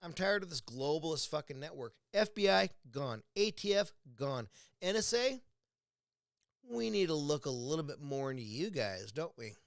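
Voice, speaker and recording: A US vlogger with a fairly high, creaky voice speaks at a moderate, animated pace, recorded in studio quality without echo. At home with a beer, he unleashes a blunt, profane political rant, angry and cursing constantly.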